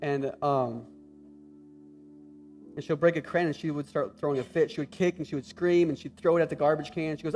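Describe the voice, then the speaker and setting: Young pastor guy preaching, pretty high voice, gets loud then soft, bit of music under it. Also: a little fast. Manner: animated preaching, loud then hushed and tender. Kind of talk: sermon.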